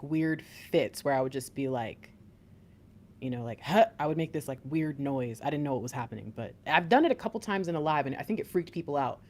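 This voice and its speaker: Woman tarot reader, chatty, emphatic, talks to viewers directly. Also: sits low. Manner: chatty, emphatic, laughs often; addresses viewers directly, warm teasing asides. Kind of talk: spiritual tarot reading.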